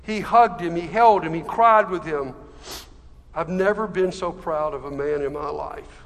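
A man's voice: a little high, a little slow, fairly bright tone. A man preaching a sermon, telling a story with emotional, dramatic delivery. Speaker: pastor. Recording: long hall reverb.

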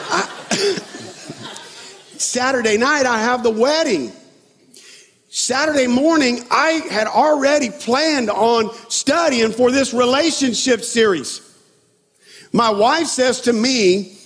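A middle-aged pastor tells a sermon story about himself in a loose, chatty way. His voice sits high for a man and has a husky edge. The sound hangs in the long reverb of a big sanctuary. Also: animated, slow pace, long pauses, fairly bright tone. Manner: storytelling, self-deprecating, conversational. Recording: long reverb of a large hall.

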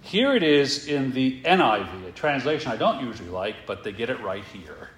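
Male preacher with a lively rising and falling voice, unhurried, echoing sanctuary, asks the room questions. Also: mid-range voice. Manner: rhetorical questions, emphatic, slows down for stress. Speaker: pastor. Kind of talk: sermon.

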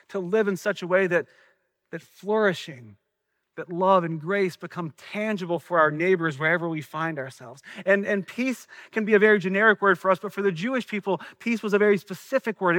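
A man's voice: high-pitched, fairly bright tone, no room sound. A man with a Southern accent preaching a sermon, earnest and questioning, with some stumbles and repeated words. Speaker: pastor.

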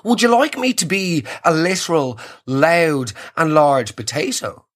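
A man's voice: a little high, animated, measured pace, a bit bright. An Irish man hosting a comedy podcast, ranting sarcastically and riffing on listener messages. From Ireland. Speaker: podcast host. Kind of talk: comedic rant.

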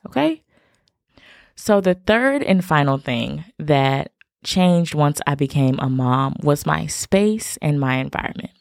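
A woman's voice: low-pitched, animated, takes it slowly, creaky, a little mellow, no room sound, studio quality. A young woman hosting a podcast, chatting casually and encouraging her listeners directly. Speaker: podcast host.

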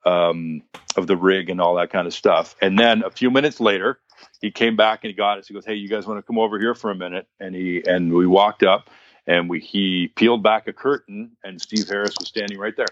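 Low-voiced man telling a story. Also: normal speed, lo-fi sound. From Canada. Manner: animated, restarts often, acts out quotes. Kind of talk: casual storytelling chat.

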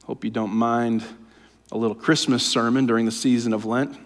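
A man preaching a sermon, impassioned and often dropping to a hushed, low voice. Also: little pitch movement, moderate pace. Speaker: pastor. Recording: long hall reverb.

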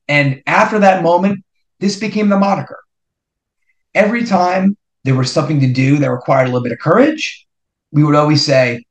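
A middle-aged man from New Jersey, his voice a little high, hosts a podcast and tells a personal story with animation, building suspense through repeated rhetorical questions. The recording has a roomy echo.

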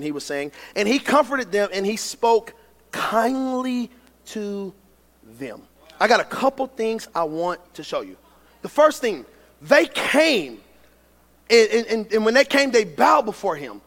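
High-voiced preacher in echoing hall. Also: male voice, very animated, a little slow. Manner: builds to shouted preaching, reads scripture aloud. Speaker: pastor. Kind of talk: sermon. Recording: long hall reverb.

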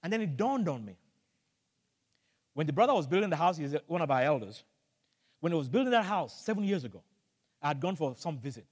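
An older man from Nigeria preaching a sermon as pastor, telling a story with animated energy and bursts of shouting. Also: a little high, a little fast, long pauses, breathy edge, big-room sound. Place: church hall.

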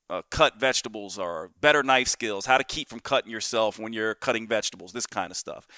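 A man's voice: medium pitch, pushed and bright, smooth, no echo, studio quality. A man hosting a solo podcast, explaining an idea through a vivid everyday anecdote and often checking in with "right?". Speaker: podcast host.

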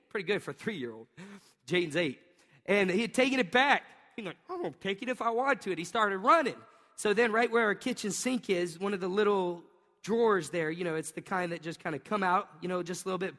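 In a large hall with long reverb, a male pastor preaches with a bright, high voice, blending a lively family anecdote with scripture. His storytelling is animated, punctuated by acted-out sounds and frequent laughter.

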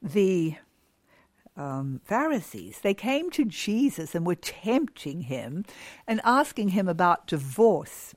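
A woman giving a devotional talk to mothers, gushing and emphatic, drawing her words out with many exclamations and dropping to soft whispers on key words. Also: on the low side, very animated, no room sound. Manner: slow and drawn out, with many exclamations.

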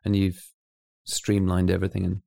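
A British man co-hosting a podcast, telling lively stories in casual chat and laughing often. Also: low-pitched, moderate pace, vocal fry. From United Kingdom. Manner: animated storyteller, laughs often. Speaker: podcast co-host.

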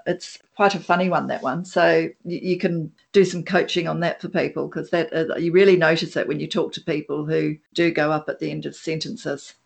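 Chatty woman podcast host, lowish voice. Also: creaky. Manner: chatty, agreeable, asks for confirmation. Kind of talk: casual interview chat.

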